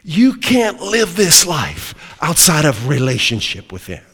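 Pitch swinging wildly, a high-voiced man preaches emphatically, hammering home points and questioning his congregation. He speaks a little slowly, his tone a bit bright and slightly rough, with long reverb suggesting a church sanctuary.

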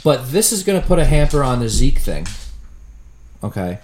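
A man ranting about football in a casual, profane chat, getting animated as he goes. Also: medium pitch, moderate pace, roomy sound, slight background noise. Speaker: podcast co-host.

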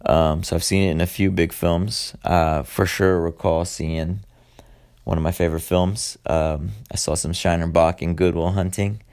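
Low gravelly man rambling profanely. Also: fairly even intonation, normal speed, darkish tone. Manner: rambling, profane, frequent filler words. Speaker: podcast host. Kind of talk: casual solo podcast monologue.

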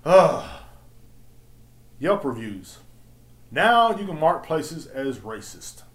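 Male podcast host, solo rant: slangy, swears freely, slightly high voice, roomy echo. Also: takes it slowly. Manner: animated, swearing, slangy ranting.

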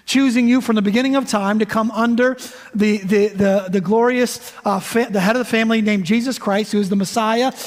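A man's voice: sits high, steady tone, fairly quick. A man in his thirties preaching a sermon as a guest pastor, casual and joking with the congregation. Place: church sanctuary. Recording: long hall reverb.

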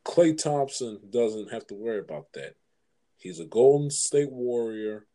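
A man's voice: mid-range voice, a little slow, warm tone. A man hosting a casual sports chat, asking his guest questions and often repeating words as he goes. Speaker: podcast host.

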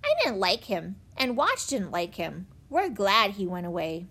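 A woman's voice: mid-range voice, sing-song, a little slow, fairly bright tone, husky, heavily acted. A woman voicing a blunt, earnest young boy in a storybook reading.

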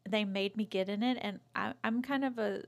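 A woman's voice: medium pitch, moderate pace, creaky. A middle-aged woman, co-hosting a casual chat and telling self-deprecating stories with giggles. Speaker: podcast co-host.

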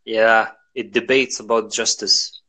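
A man's voice: on the low side, level tone, unhurried, pushed and bright, rough recording. A man from Algeria, speaking English as a second language, in a casual chat, hesitant with many fillers. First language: not English. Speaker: conversation partner.

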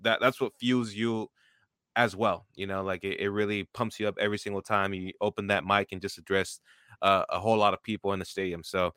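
A man's voice: on the low side, flat delivery, a little fast, pushed and bright, clean tone, no echo, studio quality. A young man in his twenties, a podcast host, talking with enthusiasm and lots of "like" and "you know". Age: 20s. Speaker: podcast host, stadium announcer. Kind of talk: casual podcast conversation.

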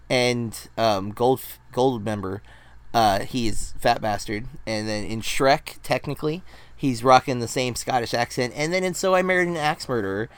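A man co-hosting a relaxed podcast conversation, often pausing on ums and circling back to finish his thoughts. His voice sits in an ordinary middle register, and the recording is dry, with no room sound at all. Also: medium pitch, clean tone, no room sound. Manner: hesitant, many ums and restarts. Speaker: podcast co-host. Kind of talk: casual chat.

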